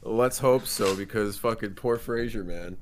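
A man co-hosting a podcast, talking in a relaxed, slangy, joking way. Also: lowish voice, measured pace. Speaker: podcast co-host. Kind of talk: casual chat.

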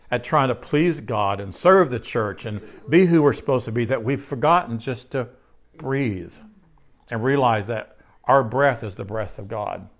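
Conversational male preacher, mid-pitched. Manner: conversational, asks the congregation questions and repeats key phrases. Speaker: pastor. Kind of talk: sermon.

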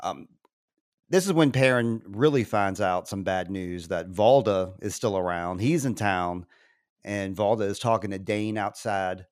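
Guy rambling thru a tv recap, laughs a lot, lowish voice, dry close sound. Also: a little slow, no room sound. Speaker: podcast co-host. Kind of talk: casual recap chat.

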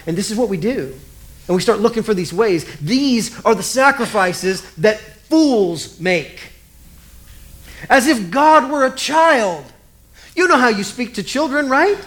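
Male pastor, 40s-50s, casual animated sermon delivery, high pitch. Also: normal speed. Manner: conversational, animated, acts out scenes.

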